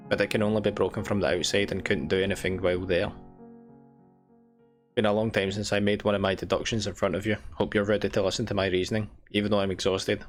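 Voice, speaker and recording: A weary, long-tormented game character, as a man reads the lines aloud in a low voice. The delivery is earnest and tired. Faint music plays underneath. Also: natural voice. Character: exhausted freed prisoner, tormented and hopeful.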